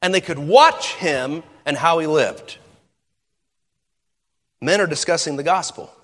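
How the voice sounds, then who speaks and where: A male pastor preaching a sermon in an animated, conversational way, with quick asides and restarts. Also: fairly high pitch. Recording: long reverb of a large hall.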